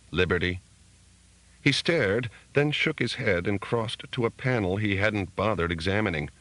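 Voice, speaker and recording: Deep-voiced male audiobook narrator. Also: fairly bright tone, rough recording. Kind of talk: scripted narration.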